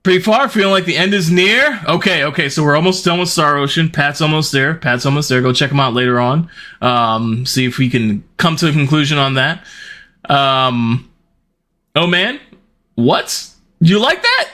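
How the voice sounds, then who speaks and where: A middle-aged man chatting casually on his stream, telling stories in an animated, rambling way. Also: moderate pace. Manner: animated, rambling storytelling with big pitch jumps and laughs.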